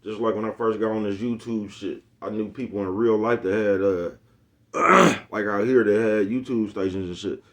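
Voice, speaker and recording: A man's voice: on the low side, moderate pace, a bit bright. A man in his forties, a YouTube host, giving a casual motivational monologue full of streetwise slang and repeated catchphrases. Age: 40s.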